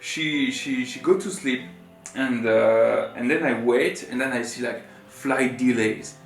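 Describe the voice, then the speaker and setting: A man from France, telling a personal story as co-host in a rambling, animated, filler-heavy way. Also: medium pitch, unhurried, vocal fry. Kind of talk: casual storytelling chat. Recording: roomy room with faint guitar music.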